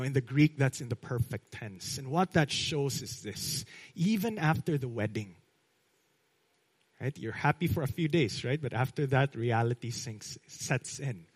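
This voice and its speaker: A Filipino-accented male pastor preaching a sermon in a somewhat high voice. He leans hard on his key words and then lets his phrases sink to a quiet close. He keeps asking the church "right?". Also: poor audio.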